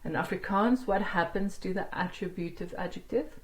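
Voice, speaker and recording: A woman teaching a language lesson online, explaining grammar and sounding out example words slowly and carefully, with quick asides. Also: medium pitch, poor audio.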